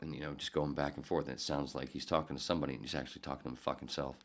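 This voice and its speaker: A man in his fifties, a podcast host who used to produce radio, tells rambling stories in a very deep, level voice at a rapid-fire pace. His casual storytelling is profane and digressive, and he often corrects himself.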